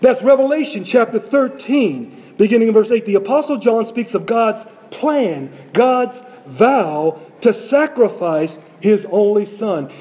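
A man's voice: high-pitched, animated, a little slow, hardly any pauses, a little mellow. A man preaching a sermon to his congregation, repeating phrases and asking rhetorical questions.

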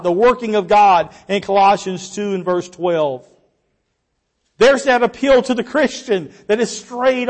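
A man with a voice that sits high preaches a sermon earnestly. He uses rhetorical questions and lets his endings trail off quietly.

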